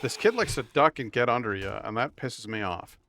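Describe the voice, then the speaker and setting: A man's voice: medium pitch, lively intonation, moderate pace, sharp tone. A man casually commentating his own survival game stream, wry and chatty, talking to himself as he plays.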